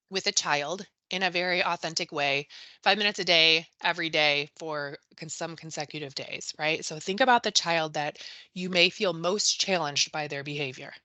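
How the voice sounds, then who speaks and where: A woman's voice: fairly low pitch, sharp tone, dry recording. A woman presenting a live webinar on early childhood education, who often tags her sentences with a questioning "right?" and talks to attendees by name. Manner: addresses attendees by name and reads the chat.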